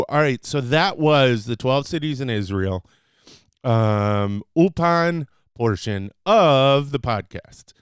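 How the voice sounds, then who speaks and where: A man hosts his own solo podcast, casually teaching phrases. His smooth, clear, medium-pitched voice moves at an easy, unhurried pace, full of fillers and broken by occasional sudden excited bursts. The recording is dry and close, with no room sound.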